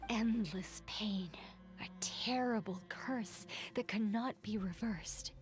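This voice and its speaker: A woman voicing an unseen oracle in whispered role-play, speaking grave prophecies very slowly. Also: medium pitch, lightly acted. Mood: ominous. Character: ominous unseen female oracle voice.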